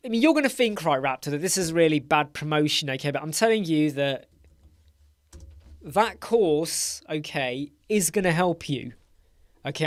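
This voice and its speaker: A man's voice: a little high, no echo, studio quality. A middle-aged man from England hosting a casual live Q&A stream. He sounds tired and yawns now and then, chats loosely and greets viewers by name. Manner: chatty, greets viewers by name, repeats words. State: tired, yawning. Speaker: livestream host.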